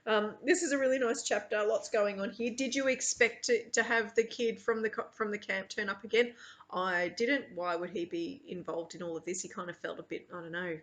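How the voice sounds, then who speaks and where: A woman's voice: mid-range voice, steady tone, a little fast. A woman teacher reading a novel aloud to her students, with chatty asides between passages.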